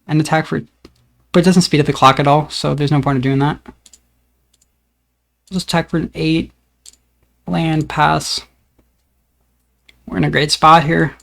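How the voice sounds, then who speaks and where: A man with a slightly high, gravelly voice gives casual commentary on his card game. He thinks aloud about each move in a relaxed, upbeat way. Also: unhurried, long pauses.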